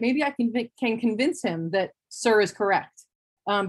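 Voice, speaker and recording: Give me a husky-voiced woman in casual discussion, wry and reflective, trailing off and restarting. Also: medium pitch. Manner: thoughtful, wry, many restarts.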